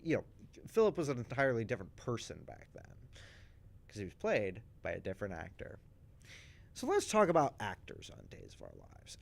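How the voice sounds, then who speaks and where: A man in casual chat, recapping soap opera plot twists for a stream with animated storytelling, frequent restarts and asides. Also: on the low side, gravelly. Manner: acts out characters' lines in quick voices.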